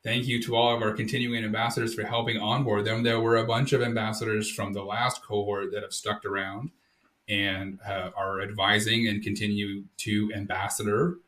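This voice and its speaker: A man co-hosting a podcast, reading out news updates in a steady, upbeat casual chat. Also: lowish voice, moderate pace, reverberant. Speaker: podcast co-host.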